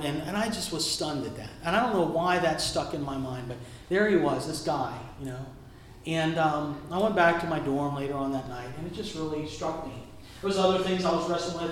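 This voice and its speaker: This man's slightly high voice comes through with a bit of background noise as he preaches. He's a pastor sharing a personal story in a conversational tone and asking the congregation questions, recorded from far away in a very echoey hall.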